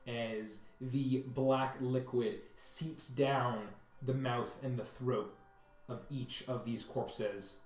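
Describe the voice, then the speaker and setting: A man narrating a tabletop game as game master, halting and repeating words as he describes scenes. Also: medium pitch, fairly even intonation, a little mellow. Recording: echoey room.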